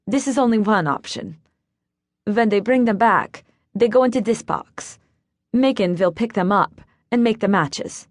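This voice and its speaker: A woman voicing an elderly German grandmother who runs an inn, with a German accent and a brisk, practical manner of giving instructions. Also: mid-range voice, no room sound, clean studio sound, lightly acted. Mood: instructing. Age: older. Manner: matter-of-fact, giving orders.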